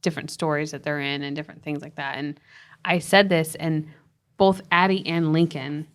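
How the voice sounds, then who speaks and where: A woman co-hosting a parenting podcast, earnestly telling a family story in casual chat, with quick restarts and soft laughs. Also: low voice, fairly even intonation. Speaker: podcast co-host and parenting author.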